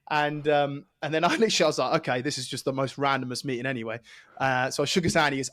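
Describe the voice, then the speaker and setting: A man in his thirties, the guest on a casual podcast, telling animated anecdotes and acting out the people in them. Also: mid-range voice, fast talker, no echo, clean studio sound. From England. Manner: animated anecdote teller, acts out quoted voices. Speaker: guest, former England scrum-half.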